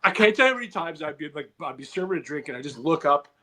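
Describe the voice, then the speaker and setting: A man's voice: a little high, animated, racing, pushed and bright. A man hosting a comedy podcast, rambling through anecdotes with restarts and acted quotes. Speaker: podcast host. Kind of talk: casual comedy podcast storytelling.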